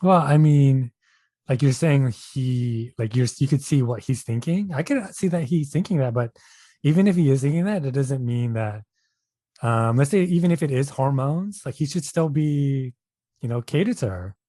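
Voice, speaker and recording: A man chats in an easygoing way, working through his opinions. His voice is mellow and warm at a middle pitch, recorded dry. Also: moderate pace, dry recording. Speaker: podcast co-host. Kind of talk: casual chat recapping a reality show.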